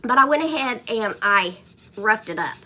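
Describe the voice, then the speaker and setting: A woman's voice: fairly high pitch, animated, moderate pace, pushed and bright. A woman hosting a casual craft livestream, chatting and greeting viewers by name between stories. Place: home.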